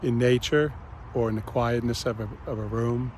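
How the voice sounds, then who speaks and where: A man hosting his own reflective spiritual vlog, speaking gently and pausing often. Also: medium pitch, fairly even intonation, a little hiss or hum. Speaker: channel host.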